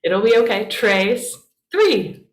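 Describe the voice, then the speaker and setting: A woman's voice: fairly high pitch, big pitch swings, takes it slowly. A woman pastor teaching a casual class, chatty and encouraging, with plenty of fillers. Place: church meeting room. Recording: roomy echo.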